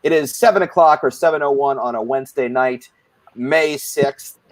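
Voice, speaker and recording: Playful male host, mid-pitched, dry close sound, rambles and jokes while moderating. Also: moderate pace, no room sound. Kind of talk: casual live-stream support group hosting.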